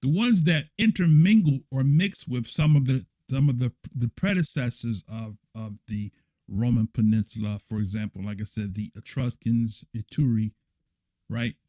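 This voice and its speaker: A man teaching a scripture lesson on a livestream, speaking bluntly and emphatically. He repeats his points and keeps checking in with his viewers. His voice sits at a middle pitch and sounds dry and close to the mic. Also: moderate pace, mellow, no echo. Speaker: church elder teaching a lesson.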